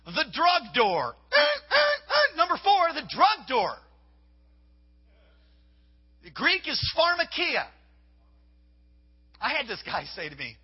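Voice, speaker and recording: A man with a high voice preaches emphatically, driving his points home by repeating them. His voice rings through a large hall with a long echo. The recording sounds dull and lo-fi. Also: wildly swooping pitch, slow, long pauses. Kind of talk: live sermon. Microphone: stage microphone with monitor.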